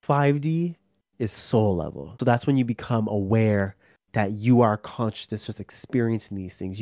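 A man's voice: on the low side, warm tone, no echo, clean studio sound. A man talking casually as a podcast guest, rambling and acting out his own quoted remarks in a small room. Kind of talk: casual interview talk.

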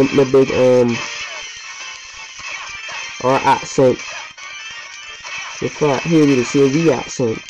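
Over game music, in a muffled lo-fi recording, a man with a medium-pitched, slightly mellow voice gives rambling, chatty gameplay commentary. He's a let's play host working from his home basement and uses mild swearing.

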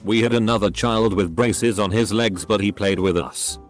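A man's voice: lowish voice, fairly even intonation, moderate pace, soft background music. A man steadily reading out posts as a scripted narration.

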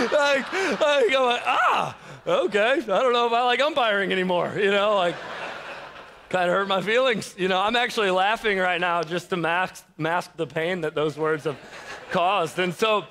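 A young man preaching a conversational sermon, telling stories with a self-deprecating, laughing, animated delivery. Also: sits high, slight background noise. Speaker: pastor.

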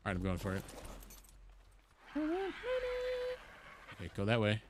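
A man streaming a game live while high, giving excitable, rambling commentary, swearing and talking to the creatures and his chat. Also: racing, background noise.

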